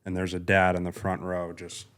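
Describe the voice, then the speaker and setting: Low-voiced man chiming in. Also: completely flat delivery, moderate pace, a bit bright, clear, resonant tone. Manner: chimes in with brief remarks. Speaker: guest, tour crew member. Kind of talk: casual chat.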